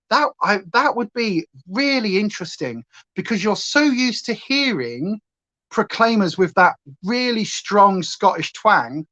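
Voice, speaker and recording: A woman's voice: mid-range voice, fairly bright tone, lo-fi sound. A woman from Hampshire with a clipped, near-standard southern English accent, chatting casually and rambling on her makeup livestream with many fillers. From Hampshire, England. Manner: chatty, tangent-prone, lots of fillers. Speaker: livestream beauty host.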